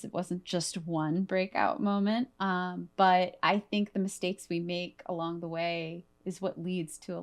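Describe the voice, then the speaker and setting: A woman's voice: mid-range voice, creaky. A woman hosting a podcast interview, earnest and upbeat, laughing easily with her guest. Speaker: podcast host. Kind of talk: conversational interview.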